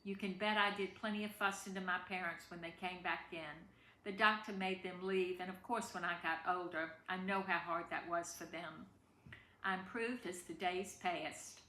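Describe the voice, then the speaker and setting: A woman's voice: fairly low pitch, fairly even intonation, moderate pace, bright, forceful tone. A woman reading a family memoir aloud in a tender, emotional way. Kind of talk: reading a personal story aloud. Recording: echoey room with faint background noise.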